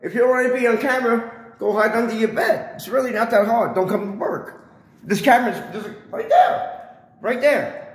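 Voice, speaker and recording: A man's voice: very high-pitched, brisk, echoey room, poor audio. A man filming a confrontation with building security on his phone, lecturing them in a combative way and repeating his points. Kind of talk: heated confrontation, filmed on phone. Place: public area of a residential building, indoors. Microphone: handheld phone camera.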